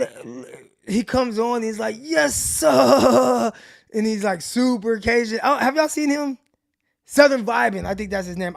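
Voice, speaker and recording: A sports show host from Stockton, California, runs a casual livestream in a gravelly voice that sits fairly high for a man. He rambles in loose bursts and keeps restarting sentences. The audio is close and dry, with no echo.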